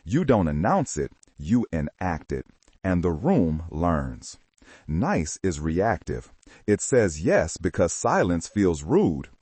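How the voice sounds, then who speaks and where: A man's voice: low-pitched, sing-song, slow pace, darkish tone, breathy edge, no room sound. A man giving a scripted motivational narration with dramatic, emphatic delivery.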